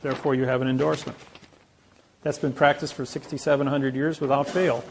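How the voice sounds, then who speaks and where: Gravelly man telling courtroom stories. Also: mid-range voice, level tone, brisk, slight background noise. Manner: storytelling, acting out courtroom dialogue; rambling, self-correcting. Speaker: seminar lecturer. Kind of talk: informal lecture with anecdotes.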